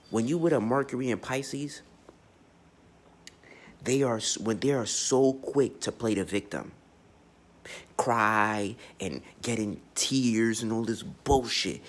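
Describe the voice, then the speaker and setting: A man's voice: medium pitch, lively intonation, takes it slowly. A man giving a blunt, profane, unscripted astrology monologue, speaking emphatically and often restarting his sentences. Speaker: astrology vlogger.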